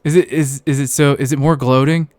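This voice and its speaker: A man co-hosting a livestream, reading a text aloud and then talking casually with many fillers, quick to laugh and act exasperated. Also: medium pitch, fairly even intonation, a little mellow, no echo. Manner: fast filler-heavy talk, laughing and exasperated.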